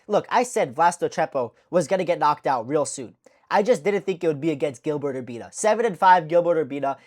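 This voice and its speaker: A woman's voice: sits low, darkish tone. A woman hosting a casual fight recap vlog, talking in a profane, rambling way and correcting herself as she goes. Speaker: MMA channel host.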